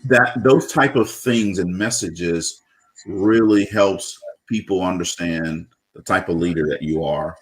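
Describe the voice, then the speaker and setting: Deep-voiced upbeat male interview host. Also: measured pace. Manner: upbeat, many fillers and restarts. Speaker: show host. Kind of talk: casual interview.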